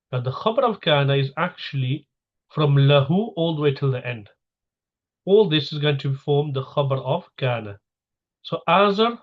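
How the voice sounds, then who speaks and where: A man's voice: mid-range voice, muffled recording. A man teaching a grammar lesson, patiently breaking each sentence down step by step and repeating key terms.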